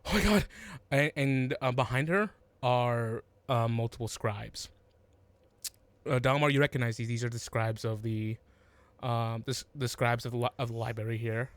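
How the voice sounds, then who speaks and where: A man's voice: medium pitch, fairly even intonation, moderate pace, no echo. A man narrating a tabletop game as game master, hesitant, with lots of ums and restarts.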